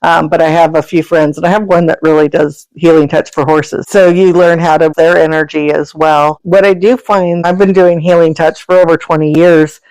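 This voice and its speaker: This woman, an animal sanctuary founder and energy healer, chats as a podcast guest, rambling through animal stories and laughing often. Her voice sits low and a little mellow, with little pitch movement, normal speed and few pauses. The audio is dry and poor.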